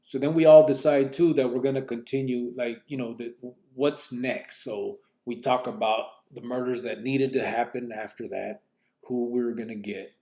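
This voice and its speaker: A podcast host tells his life story in loose street slang, trailing off often and filling gaps with plenty of fillers. His gravelly, dark voice keeps a steady tone at normal speed, but jumps higher and louder whenever he acts out what other people said.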